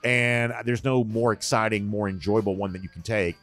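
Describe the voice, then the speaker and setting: A man hosting a sports talk show, talking in an animated, conversational way. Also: on the low side, normal speed, faint music behind. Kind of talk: casual sports talk commentary.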